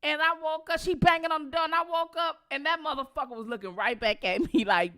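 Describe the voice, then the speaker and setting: Woman, middle-aged vlog host, high and bright, telling a story full of cursing. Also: moderate pace. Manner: animated, profane, laughing storyteller addressing viewers as y'all. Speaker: channel host. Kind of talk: casual storytelling to viewers.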